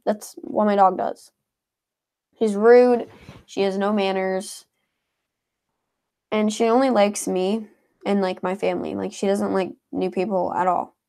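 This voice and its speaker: A woman chats loosely as a co-host and reads viewer comments aloud. Her speech is sprinkled with "like" and "um". Her pitch sits in an ordinary middle range, with a noticeable gravelly fry. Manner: chatty, heavy on filler words like "like" and "um". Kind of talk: casual live chat.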